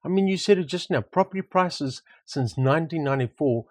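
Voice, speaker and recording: A man's voice: on the high side, brisk, a little mellow, dry recording. A man co-hosting a property discussion, talking casually and reflectively, telling anecdotes and repeating words for emphasis. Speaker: property market co-host. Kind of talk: casual conversation.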